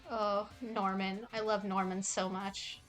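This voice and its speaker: Young woman streamer, mid-pitched, rambling casual chat with soft cooing asides, faint background music. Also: little pitch movement, slow. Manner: rambling, affectionate baby talk to cats.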